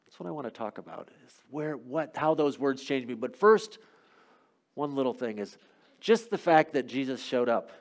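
In a sermon delivered as a first-person dramatic monologue, a man tells the story while swinging from loud to hushed. His mid-range voice is animated and moderately paced.

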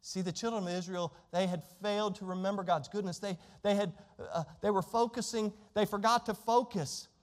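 A man's voice: high voice, fairly even intonation, fairly quick, few pauses. A man preaching a sermon as pastor, emphatic, reading scripture aloud in a church. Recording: long hall reverb.

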